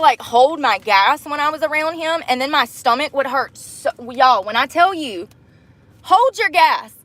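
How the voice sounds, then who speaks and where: With her high voice, the young woman chats openly to her audience as she vlogs, full of energy and laughter, addressing them as y'all, girl and baby.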